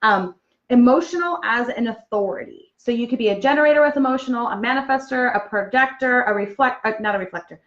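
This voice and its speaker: A woman practitioner explaining a concept in casual chat, checking in often with "okay?" and pausing on fillers. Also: a little high. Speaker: Human Design practitioner. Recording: roomy, dull lo-fi sound.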